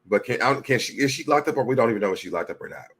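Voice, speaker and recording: A man's voice: medium pitch, expressive, rapid-fire, a bit bright. A man hosting a casual commentary show, chatting to viewers as y'all and reading social media posts aloud. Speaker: commentary channel host.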